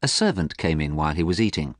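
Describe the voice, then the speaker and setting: Deep-voiced man reading a story. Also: very animated, dry recording, clean studio sound. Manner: clear, measured, simple reading. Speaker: narrator. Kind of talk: scripted audiobook narration.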